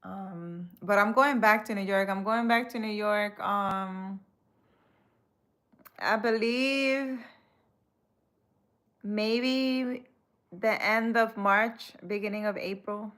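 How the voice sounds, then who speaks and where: Speaking slowly at medium pitch and pausing often, this woman is a spiritual reader on a live stream. She chats casually, soft and hesitant, as she responds to comments.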